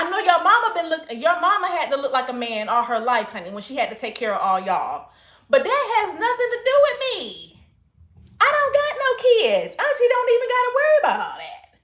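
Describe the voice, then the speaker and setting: High, lively, sassy woman on a livestream. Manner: sassy, calls everyone honey. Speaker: livestream host. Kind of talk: casual livestream chat reading comments. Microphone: phone.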